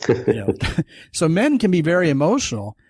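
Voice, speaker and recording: A man's voice: fairly high pitch, huge pitch swings, moderate pace, darkish tone, slightly rough, no echo. A man hosting a podcast, talking in an emphatic, folksy way in casual conversation. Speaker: podcast host.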